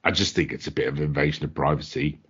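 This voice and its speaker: A man with a deep, husky voice holds forth on a podcast in blunt, clipped sentences, brushing things off as he goes. The recording is muffled and lo-fi. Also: steady tone, fast, a bit bright. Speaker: podcast co-host. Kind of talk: casual rant chat. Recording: dull lo-fi recording.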